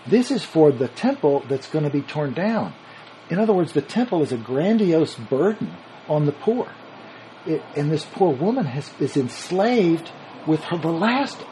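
A man preaches in an easy, conversational style, his voice set somewhat high and swinging widely in pitch. He reasons aloud, often starting a phrase over before pressing his point. A faint hum of ambience sits behind him. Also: dark tone, poor audio. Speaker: Bible teacher. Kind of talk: sermon.

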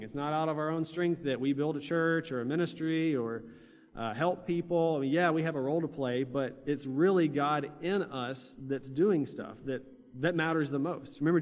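A man preaching a sermon in a conversational way, with fillers and restarts. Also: fairly high pitch. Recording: long hall reverb.

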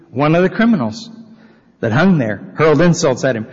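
A man's voice: a little high, big pitch swings, a little slow, breathy edge. A man preaching a sermon as pastor in a church, reading scripture aloud with earnest, swelling emphasis. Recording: long hall reverb, slightly dull sound.

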